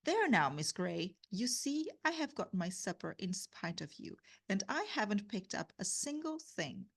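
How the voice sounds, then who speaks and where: A woman voicing a spoiled, boastful little boy as she reads a novel aloud, with lively emphasis. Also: mid-range voice, unhurried, vocal fry, heavily acted. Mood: triumphant.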